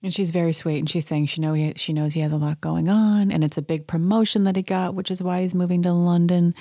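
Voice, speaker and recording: Low-pitched woman, sarcastic, chatty recap, pops into squeaky voices for quotes, dry mic. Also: steady tone, quick pace, dark tone, no echo. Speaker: podcast host. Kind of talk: casual reality TV recap.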